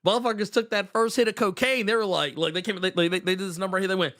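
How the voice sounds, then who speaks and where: A man's voice: high voice, steady tone, fast talker, hardly any pauses, a bit bright. A man hosting a live stream, chatting casually with viewers in an exclamatory, profane, joking way. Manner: exclamatory, profane, laughing often. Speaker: show host.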